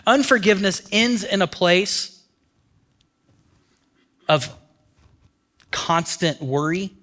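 A man preaching a sermon with a voice pitched a little above the usual. He talks to his listeners conversationally and keeps asking them questions. On the key phrases he drops down to a near hush. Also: expressive, slow pace. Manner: conversational, asks the audience questions. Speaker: pastor.

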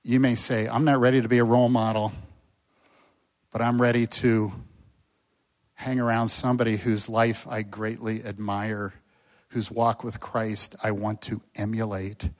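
A man's voice: on the low side, little pitch movement, a little slow. An older man preaching a sermon as a pastor, earnest and often asking rhetorical questions.

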